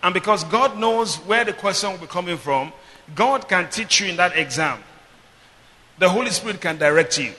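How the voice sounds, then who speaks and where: Calling on his congregation to answer back, a pastor shifts between booming statements and calm explanation at a moderate pace. He has a high, piercing, brilliant voice, and the sermon rings with the long reverb of a church hall.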